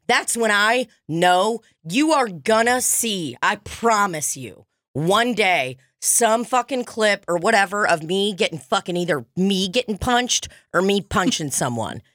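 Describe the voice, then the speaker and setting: A woman telling stories in a casual, profane and animated way. Her pitch sits in the middle and the sound is dry and close to the mic, with no room around it. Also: no echo. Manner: profane, animated storytelling with acted quotes. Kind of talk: casual chat.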